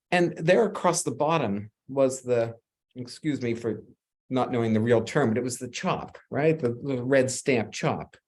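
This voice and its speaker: Brief: male panelist, mid-range voice, easygoing anecdote teller, over a video call. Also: mid-range voice. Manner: relaxed storyteller, acts out quoted dialogue. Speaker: designer on a panel. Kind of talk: anecdotal storytelling in a panel talk.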